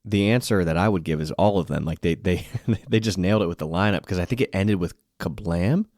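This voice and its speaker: A man's voice: deep voice, brisk, a little mellow, dry recording, clean studio sound. A man co-hosting a podcast in casual chat over drinks, rambling and self-deprecating, a bit tipsy, swearing freely. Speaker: podcast co-host.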